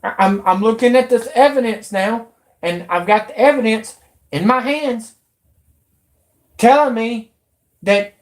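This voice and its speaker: A woman, ranting angrily and swearing as a YouTube commentator. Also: high voice. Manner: angry, profane, shouting in bursts. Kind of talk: angry political rant.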